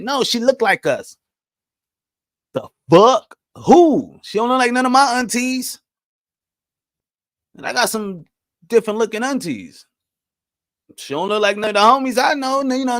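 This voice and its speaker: A man's voice: high voice, fairly bright tone, no echo, clean studio sound. A man hosting his own podcast, delivering a heated, profane monologue full of rhetorical questions, often checking in with "right?" and "you know what I mean?". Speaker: podcast host.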